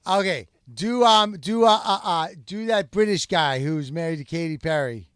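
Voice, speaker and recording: A man with a fairly high voice who eagerly throws out requests, tripping over his words as he starts each one. It is a dry, close recording without any room sound. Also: normal speed, a bit bright, smooth, no echo. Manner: eagerly pitches requests, stammering restarts. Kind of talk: casual comedic banter.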